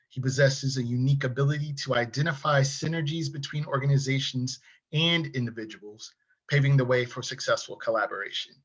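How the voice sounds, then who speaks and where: A man's voice: mid-range voice, a bit bright. A man hosting an interview over a video call, reading a formal introduction and then chatting casually with his guest. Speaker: host. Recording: dull lo-fi sound.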